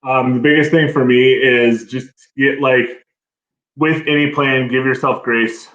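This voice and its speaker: A man's voice: mid-range voice, steady tone, a little slow, fairly bright tone, echoey room, muffled recording. A man talking as a guest on a live stream, earnest and rambling, full of fillers and restarts. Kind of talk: casual chat.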